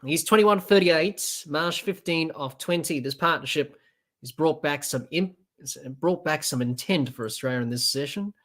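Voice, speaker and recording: On his podcast, a man delivers unscripted ball-by-ball cricket commentary full of fillers and restarts. His voice is fairly high and bright, moving at a moderate pace.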